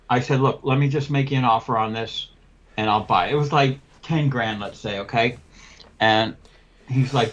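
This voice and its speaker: A window cleaning business owner on a podcast, telling a blunt, profane story with quoted back-and-forth dialogue. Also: male voice, medium pitch, fairly bright tone, lo-fi sound. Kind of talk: casual podcast chat, storytelling.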